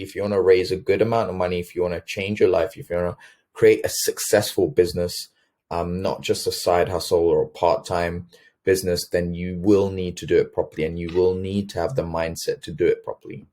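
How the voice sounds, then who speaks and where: A man's voice: sits low, a little mellow. A man hosting a sales webinar, talking earnestly with many ums and restarts. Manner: earnest, filler-heavy, self-correcting. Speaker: webinar host.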